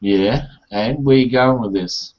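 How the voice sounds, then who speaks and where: A man's voice: a little slow, darkish tone. A man hosting a casual chat, joking around and rambling through stories, swearing often. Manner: rambling, swearing storyteller, jokey. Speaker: host. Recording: muffled low-fidelity audio.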